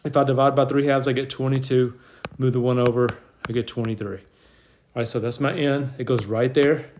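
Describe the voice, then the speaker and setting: A man's voice: medium pitch, fairly even intonation, a little fast, darkish tone, a little hiss or hum. Out-of-breath man teaching math. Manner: plain step-by-step explaining, talks himself through the work. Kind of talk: whiteboard math lesson. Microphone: tablet mic.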